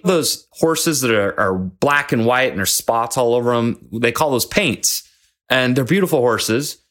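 A man's voice: mid-range voice, fairly bright tone. A man hosting a leadership podcast, telling a personal story in an earnest, folksy way with some restarts. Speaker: podcast host and leadership coach.

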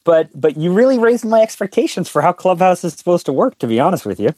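A man's voice: high-pitched, big pitch swings, fast, darkish tone, no echo. A man who is a guest on a podcast, chatting in a friendly, teasing way. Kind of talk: casual conversation.

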